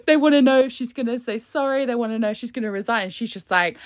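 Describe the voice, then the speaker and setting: A woman's voice: fairly high pitch, a little fast. A woman giving casual, sarcastic live commentary, laughing often and throwing in sassy asides. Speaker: live commentator on a press conference.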